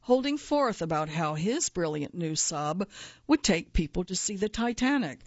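A woman reading her own first-person nonfiction essay aloud in a measured, earnest way, at times quietly angry. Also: on the low side, expressive, dry recording, highs cut off.

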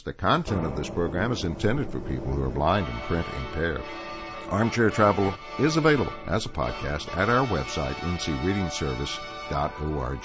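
A man reading articles aloud and then telling a story as host of a reading service program, in a calm, measured way. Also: low-pitched, lo-fi sound. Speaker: volunteer radio reader and host.

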